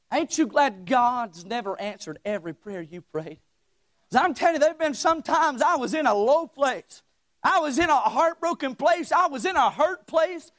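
A young man preaching a sermon, swinging between shouting and hushed folksy talk. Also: very high-pitched, dry recording, clean studio sound. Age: young adult.

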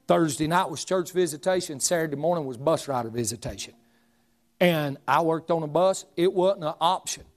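Folksy preacher man in his forties. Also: fairly high pitch. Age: 40s. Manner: folksy, humorous, animated storytelling. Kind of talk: storytelling sermon.

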